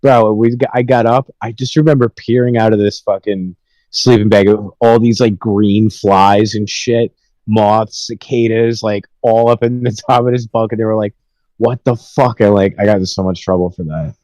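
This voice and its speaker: A man's voice: fairly low pitch, steady tone, normal speed, a little mellow, dry recording, poor audio. A young man telling rambling, profanity-filled stories with laughs in a casual podcast chat. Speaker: podcast host.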